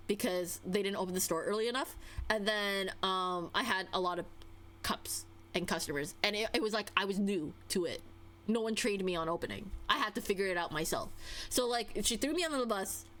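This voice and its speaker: A young adult woman streamer ranting casually, exasperated, her voice swinging up and down as she vents. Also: fairly bright tone. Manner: exasperated, venting, with wide pitch swings.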